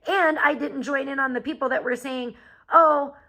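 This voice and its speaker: Brief: woman streamer, high, sharp voice, angry profane rant at chat. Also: fairly even intonation, a little fast, low-quality recording. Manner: profane, heated and confrontational. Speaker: live streamer.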